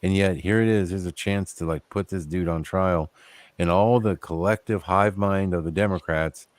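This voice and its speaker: A man's voice: sits low, steady tone, moderate pace, no echo. A man hosting a casual talk show, rambling and opinionated, growing heated at times. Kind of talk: casual chat.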